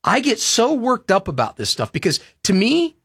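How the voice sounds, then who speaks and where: A high, gravelly male talk radio host rants with heated passion, pleading and scolding in turn. His voice is bright and sharp, and the sound is dry and close. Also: wildly swooping pitch, moderate pace, no echo. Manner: impassioned, ranting, pleading.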